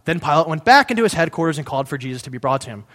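A pastor giving a casual sermon, reading scripture aloud and breaking off to explain it in a conversational way, sometimes correcting himself. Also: male voice, a little high, expressive, very fast, a bit bright. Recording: long reverb in a hall.

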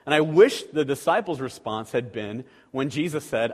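A man's voice: mid-range voice, expressive, moderate pace. A man preaching a sermon as a pastor, talking conversationally with rhetorical questions to the congregation. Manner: acts out quoted voices animatedly. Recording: long reverb of a large hall.

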